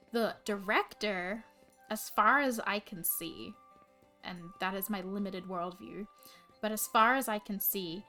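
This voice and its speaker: A woman's voice: mid-range voice, a bit bright. A young adult woman streaming live, chatting casually in a rambling way full of fillers and restarts. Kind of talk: casual chat. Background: faint music.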